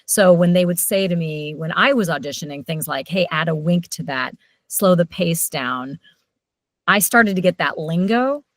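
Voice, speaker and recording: A middle-aged woman with a lowish voice, recorded with no room sound, works as a voiceover coach. She is an animated storyteller in a casual interview, her loudness shifting quickly.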